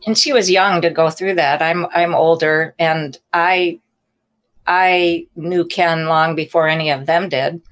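A middle-aged woman, an author and podcast co-host, speaking frankly in an interview with halting restarts. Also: sits low, fairly even intonation. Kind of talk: candid conversational interview.

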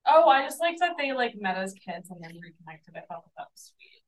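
A woman's voice: fairly high pitch, sing-song, fairly quick, poor audio. A young woman on a book podcast, earnestly explaining parts of a novel in casual chat.

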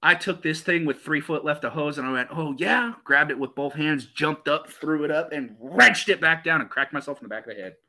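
A man with a bright, forceful voice spins profane, animated stories in a loose podcast chat. He talks as the host, full of swearing and energy. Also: on the high side, fairly quick, few pauses. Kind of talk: casual storytelling chat.

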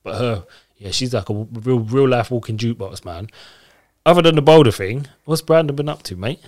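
A man, co-hosting a casual podcast, laid-back and quick with slangy reactions. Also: mid-range voice, darkish tone, dry recording, studio quality. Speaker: podcast co-host. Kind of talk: casual chat.

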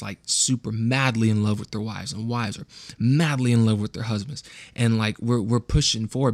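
A man's voice: on the low side, dry recording. A young man from California's Central Valley with a West Coast accent, hosting a casual Bible talk podcast in a slangy, loose way. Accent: West Coast American. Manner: casual, slangy, repeats words when restarting. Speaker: podcast host.

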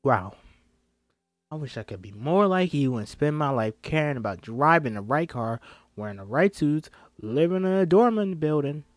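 A man's voice: a little high, very animated, normal speed, dry recording. A man voicing an idealistic young male writer, scornful and sarcastic.

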